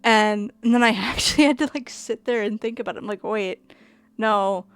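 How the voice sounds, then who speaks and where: This young woman with a Minnesotan accent talks fast in a fairly high, slightly bright voice, with no room sound in the recording. She rambles and laughs through casual live-stream chat while gaming, full of fillers and casual swearing.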